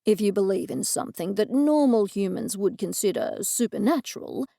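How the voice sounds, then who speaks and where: A woman voicing a male detective who speaks slowly, calmly and reasonably. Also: medium pitch, creaky, no room sound, clean studio sound. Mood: reasonable. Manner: slow, soothing, reasonable. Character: calm, unflappable male detective.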